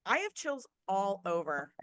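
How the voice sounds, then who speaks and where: A woman co-hosting a podcast in casual chat, excited and emphatic, swearing freely. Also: medium pitch, a little slow, no room sound. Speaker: podcast co-host.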